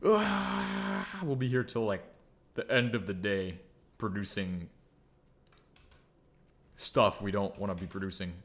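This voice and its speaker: A man's voice: deep voice, steady tone, a little slow, long pauses. A man giving casual, jokey gameplay commentary, muttering and humming to himself as he builds. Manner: jokey, self-mocking, hums and mutters to himself. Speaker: gaming video creator.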